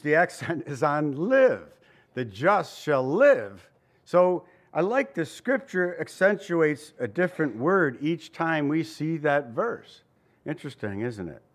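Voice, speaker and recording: A man preaching a sermon in a conversational way, asking rhetorical questions and chuckling now and then. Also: a little high. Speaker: pastor.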